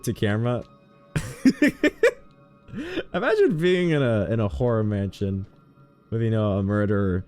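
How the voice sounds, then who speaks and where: A man's voice: mid-range voice, sing-song, unhurried, dark tone, soft background music. A man streaming a horror game with casual, sarcastic commentary, joking and swearing freely.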